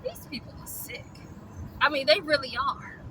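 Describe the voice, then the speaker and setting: A woman's voice: high-pitched, expressive, moderate pace, heavy background noise. A woman, ranting bluntly and profanely in a vlog about dog rescue.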